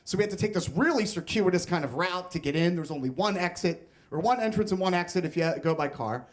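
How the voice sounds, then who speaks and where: Young guy on stage telling a funny story about himself, high voice that swoops all over. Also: quick pace. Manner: animated, comic, self-mocking. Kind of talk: live story slam telling. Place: stage at a live storytelling event.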